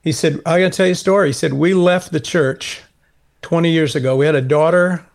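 A middle-aged man with a high, light voice tells a personal story as an interview guest. He is earnest and animated, and he voices each person's lines as he goes. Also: rapid-fire. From California. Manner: earnest, animated storyteller who acts out quoted dialogue. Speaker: guest, Christian author.

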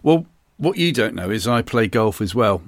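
A man's voice: lowish voice, sing-song, normal speed, no echo, clean studio sound. A man hosting an interview, chatty and friendly as he asks questions. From Ireland. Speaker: interview host. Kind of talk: conversational interview.

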